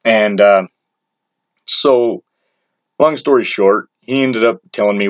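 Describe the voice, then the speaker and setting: A man's voice: fairly low pitch, slow, long pauses, no room sound. A man casually telling a story about himself, blunt and crude, full of restarts and filler words. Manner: rambling and blunt, with crude slang and many restarts. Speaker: storyteller recounting his own experience. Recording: dull lo-fi, dry sound.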